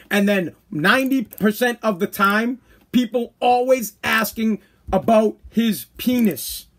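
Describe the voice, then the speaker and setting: A high-pitched man with a husky, rough edge rants on his own podcast in speech. He is blunt and crude, talking things out in a loose stream and dropping into quick mock voices to make his point. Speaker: podcast host. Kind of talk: ranting commentary.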